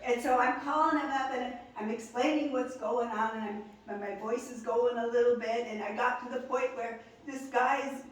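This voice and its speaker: A woman's voice: a little high, fairly even intonation, moderate pace, hardly any pauses. A woman in her sixties telling a personal story to a gathering, chatty and laughing as she talks. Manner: chatty, laughs through the story, many "you know"s. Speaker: speaker at a memorial gathering. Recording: echoey hall, mic from far off.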